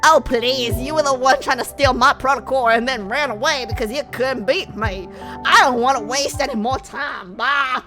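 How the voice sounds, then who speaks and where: Girl reading lines for a sassy young hunter lady, lively. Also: a little high, fairly quick, few pauses, over music, close to an everyday voice. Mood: defiant. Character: young woman hunter, brisk and defiant.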